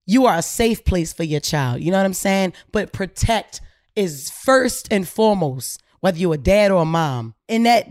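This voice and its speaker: An animated woman host tells a story in loose, slangy talk, slipping into the voices of the people she quotes. Her pitch sits in a middle range, and the sound is dry and close with no room echo. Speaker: podcast host. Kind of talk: casual storytelling chat.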